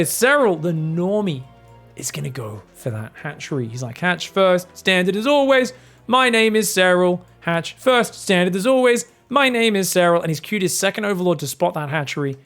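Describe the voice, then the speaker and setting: An Australian man giving excited, casual, jokey esports commentary, sometimes swearing. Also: fairly high pitch, vocal fry. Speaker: esports caster.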